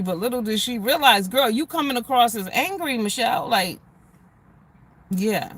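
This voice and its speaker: A woman's voice: on the high side, lively intonation, a little slow, long pauses, a bit bright, breathy edge. A woman hosting a livestream, ranting bluntly to her viewers in casual, profane, slang-heavy talk. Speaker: livestream host.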